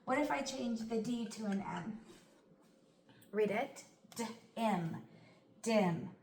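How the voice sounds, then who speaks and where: A woman teaching a phonics lesson, slowly sounding out words and praising often. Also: fairly high pitch, creaky, a little mellow, a little hiss or hum. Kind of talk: slow, clear classroom instruction. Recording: echoey room.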